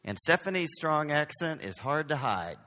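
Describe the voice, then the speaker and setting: A man's voice: on the high side, very animated, moderate pace, pushed and bright, in a large hall. A man from Texas with a light Southern accent, preaching a conversational sermon as pastor, with self-deprecating humor. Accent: Southern American.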